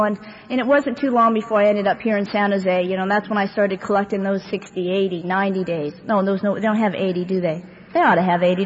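A woman stands before an audience at a meeting and tells her life story, wandering and chatty, dropping in asides and dry jokes. Her voice carries through a long, echoey hall. The recording is dull and muffled, with a faint hiss underneath. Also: medium pitch. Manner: conversational and rambling, with many fillers and wry humor. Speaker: speaker sharing her recovery story at a twelve-step meeting. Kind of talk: personal testimony talk to a live audience.

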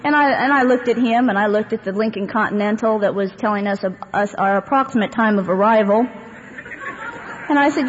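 A woman's voice: mid-range voice, a little fast. A woman stands before an audience at a meeting and tells her life story, wandering and chatty, dropping in asides and dry jokes. Her voice carries through a long, echoey hall. The recording is dull and muffled, with a faint hiss underneath. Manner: conversational and rambling, with many fillers and wry humor. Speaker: speaker sharing her recovery story at a twelve-step meeting. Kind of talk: personal testimony talk to a live audience.

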